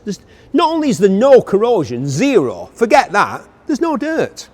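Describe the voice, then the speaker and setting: Bloke hyping up bikes for an auction, voice sits a bit high and jumps all over, jokey. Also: male voice, wildly swooping pitch, normal speed. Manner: enthusiastic, jokey asides to the cameraman. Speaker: motorcycle auction presenter. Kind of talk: walkaround auction preview.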